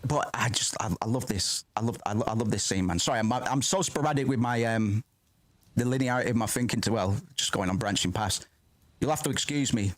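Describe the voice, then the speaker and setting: A man's voice: mid-range voice, fairly quick, no echo. A man streaming a film reaction in casual, rambling commentary, swearing freely and breaking off his own sentences. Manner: rambling, excitable, swears often, self-interrupting.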